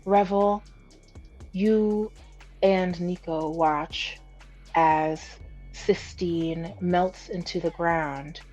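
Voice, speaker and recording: A woman running a tabletop role-play game as game master, narrating slowly with many pauses and fillers. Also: lowish voice, fairly even intonation, a little mellow. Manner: slow, musing narration full of fillers. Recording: dull lo-fi stream audio with faint music.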